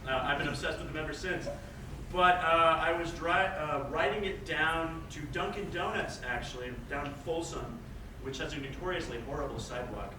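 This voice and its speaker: A man's voice: fairly high pitch, moderate pace. A young man performing live improv comedy, telling a casual story full of uhs. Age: young adult. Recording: echoey stage from far off with room noise.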